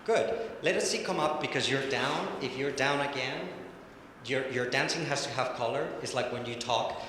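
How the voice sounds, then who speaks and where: A man speaking English as a second language coaches ballet dancers, cheering them on and scatting the rhythm of each step. His voice is bright and carries some edge. The room is a large, ringing hall with a faint hiss underneath. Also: mid-range voice, moderate pace. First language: Spanish. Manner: encouraging, counts and scats rhythms. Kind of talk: live coaching in a studio. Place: large echoey studio hall. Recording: echoey hall, faint noise.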